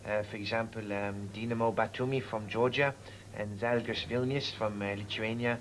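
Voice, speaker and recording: A man's voice: fairly low pitch, fairly even intonation, normal speed, a little hiss or hum, close to an everyday voice, poor audio. A man playing a hesitant football pundit. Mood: earnest. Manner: hesitant, full of uhs. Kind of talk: sketch comedy.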